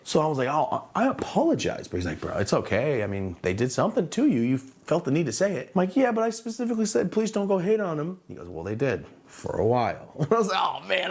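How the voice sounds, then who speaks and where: A man telling a casual story-time monologue, animated and swearing freely, acting out the quoted dialogue. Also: mid-range voice, slightly rough.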